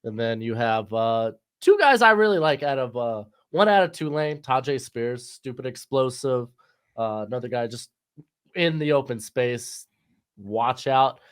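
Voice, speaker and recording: A man giving casual sports analysis in a relaxed way, with plenty of fillers. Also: medium pitch, measured pace, clean tone. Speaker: guest co-host.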